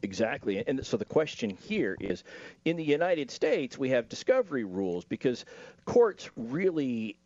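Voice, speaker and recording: Measured man explaining legal points. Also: medium pitch, very animated, a little mellow, dry recording, lo-fi sound. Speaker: legal commentator. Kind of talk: legal discussion panel.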